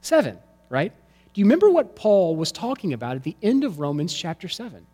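A man preaching from the pulpit with a high-pitched voice, his words ringing out in the long reverb of a large hall. He swings from forceful emphasis down to near-whispered lows, a dynamic sermon delivery. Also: huge pitch swings, brisk, slightly rough. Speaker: pastor.

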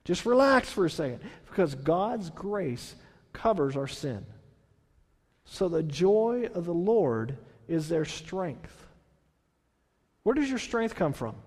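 A man's voice: high voice, very animated, slow, pauses often, breathy edge, in a large hall. A man, a pastor, preaching a conversational sermon, reading scripture and then explaining it with restarts and questions to the congregation. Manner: restarts and repeats words, asks the congregation questions.

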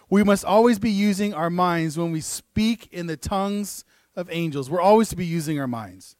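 High-voiced man preaching a sermon. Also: normal speed, darkish tone, no echo, studio quality. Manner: earnest, builds to emphatic peaks, with asides and restarts. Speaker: pastor. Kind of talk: sermon with scripture reading. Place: church room.

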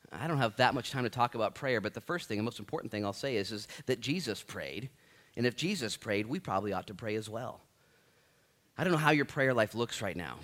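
A man's voice: on the low side, fairly bright tone. A man in his thirties preaching a sermon as pastor, joking and self-deprecating, with many restarts.

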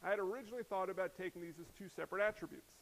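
A man's voice: high-pitched, very fast, long reverb tail. A man preaching a sermon as the pastor, talking conversationally and dropping in humorous asides.

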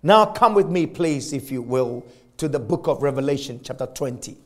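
A man preaching a sermon to a church congregation, reading scripture in a dramatic, drawn-out and emphatic way. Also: medium pitch, animated, fairly bright tone. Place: church, with the sermon also streamed.

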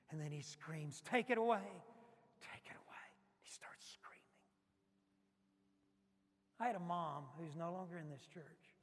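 A male pastor delivers a sermon with a notably high voice. He presses his points by repeating them, swinging from loud emphasis to near-hushed asides. The sound carries a long reverb from a large church hall.

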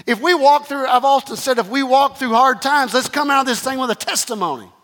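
A man's voice: very high voice, fairly quick, a bit bright, in a large hall. A man preaching a sermon, repeating phrases emphatically and calling the congregation to respond. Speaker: pastor.

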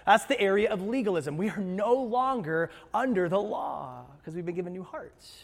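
A man pastor preaching a sermon in a church, moving between hushed passages and emphatic ones, with playful asides to the congregation. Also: sits high, expressive, normal speed, few pauses, in a large hall. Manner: passionate, swings from hushed to emphatic. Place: church sanctuary.

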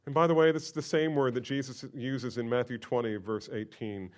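A man's voice: medium pitch, fairly quick. Emphatic preaching man. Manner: expressive preaching, rising to loud emphatic outbursts. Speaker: pastor. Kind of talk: sermon.

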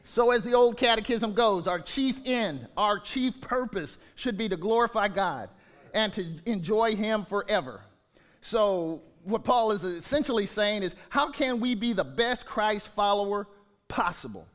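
A man's voice: high-pitched, animated, unhurried, fairly bright tone. A man in his sixties, a pastor, preaching a conversational sermon full of restarts and repeated words. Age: 60s.

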